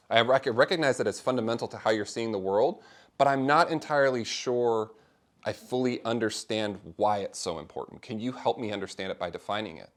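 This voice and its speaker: A middle-aged man leading a faith discussion class, talking informally to a small group and acting out the people he quotes. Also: medium pitch. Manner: conversational, animated, acts out quoted voices.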